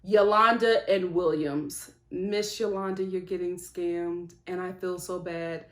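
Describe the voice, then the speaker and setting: A woman giving a casual, animated vlog review of a reality show, sympathetic and chatty. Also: lowish voice, slow pace, echoey room.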